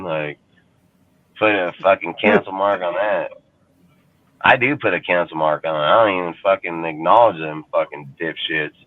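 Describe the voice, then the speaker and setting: Lowish-voiced guy hosting a fan show, cussing and scornful the whole way, tinny phone-line sound. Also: no room sound. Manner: angry, crude and scornful. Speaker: sports podcast host. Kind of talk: profane fan rant.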